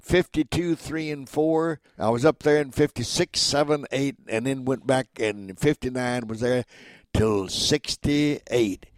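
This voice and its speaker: A man's voice: medium pitch, a little slow, no echo. Brief: elderly man, nineties, chatty and jovial, mid-range voice, dry studio sound. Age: 90s. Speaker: guest, veteran voice actor. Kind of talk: reminiscing interview.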